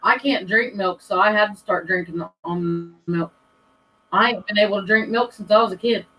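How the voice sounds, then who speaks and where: A woman's voice: medium pitch, a little fast, pushed and bright, low-quality recording. A woman chatting casually with friends in a laid-back, giggly way, reading out chat comments. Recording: faint background noise.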